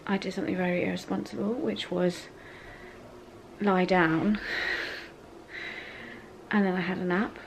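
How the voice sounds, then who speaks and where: A woman's voice: mid-range voice, steady tone, moderate pace, vocal fry, pauses often, a little hiss or hum, poor audio. Chatty English woman vlogging. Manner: chatty, rambling, self-correcting. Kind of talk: casual vlog chat.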